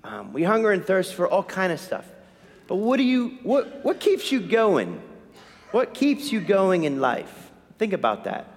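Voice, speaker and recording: A male priest delivers a sermon in a church, his voice a touch high and swinging widely up and down. He presses his listeners with urgent questions and repeats his key lines. A long reverb trails behind every phrase. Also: huge pitch swings, unhurried. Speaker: Catholic priest.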